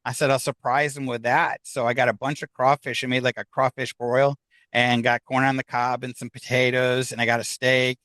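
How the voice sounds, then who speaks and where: A man's voice: mid-range voice, little pitch movement, normal speed, fairly bright tone, dry recording. A man telling a personal story in casual conversation, acting out the voices of the people in it. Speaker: guest.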